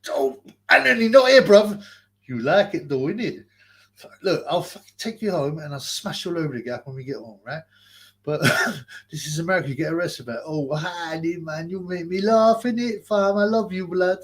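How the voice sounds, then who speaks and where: Bloke doing a squeaky puppet lad, cheeky and pally, way up high. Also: male voice, normal speed, lightly acted. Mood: teasing. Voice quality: high and bright. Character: mocking male puppet, chummy and cheeky. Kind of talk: puppet show.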